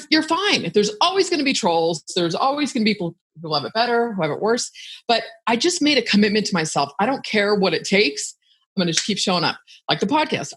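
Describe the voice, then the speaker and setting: Husky-voiced candid woman. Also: medium pitch, a bit bright. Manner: frank, candid, emphatic. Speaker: podcast guest, content creator. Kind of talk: casual interview chat.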